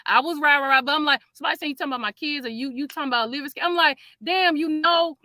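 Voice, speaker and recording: A woman hosting a livestream, talking in a rambling, defensive way with many halting restarts. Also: high-pitched, sharp tone, no echo, clean studio sound. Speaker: livestream host. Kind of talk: casual livestream talk.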